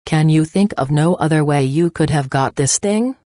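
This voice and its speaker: A woman reading the part of a cruel, gloating middle-aged male poisoner with a slow, taunting manner. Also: low-pitched, warm tone, dry recording, clean studio sound, close to an everyday voice.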